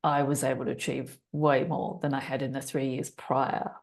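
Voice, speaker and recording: A woman in a casual conversation telling a personal story, acting out her own thoughts with sudden jumps in pitch and bursts of laughter. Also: flat delivery, normal speed, creaky, darkish tone. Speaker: podcast guest, business author.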